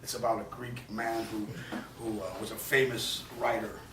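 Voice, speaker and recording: A man, a film director from New York, telling a rambling, animated story in an interview at a film festival, with many restarts. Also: fairly low pitch, normal speed, background noise. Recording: echoey, distant mic with faint ambience.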